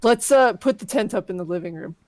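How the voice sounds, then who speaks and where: A woman co-hosting a text adventure stream, chatting casually with playful deadpan jokes and reading story lines aloud. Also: medium pitch, a little fast, no echo. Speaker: co-host playing a text adventure game.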